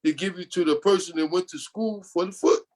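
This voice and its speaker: An older man from New York speaks as a podcast guest with a somewhat high voice. He rambles through personal stories and keeps slipping into quotes of what others told him. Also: brisk, a little mellow. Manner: rambling, often quoting others. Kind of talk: storytelling in an interview.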